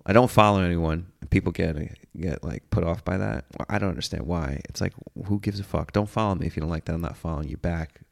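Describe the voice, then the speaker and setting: Low creaky man rambling. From United States. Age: 30s. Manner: rambling, profane, self-mocking. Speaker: podcast host. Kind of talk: casual comedic monologue.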